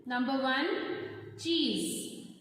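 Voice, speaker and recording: A woman's voice: high-pitched, a bit bright, slight background noise. A woman teaching a primary class, dictating sentences and spelling each word out letter by letter. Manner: slow, spells words letter by letter. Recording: roomy echo with long reverb.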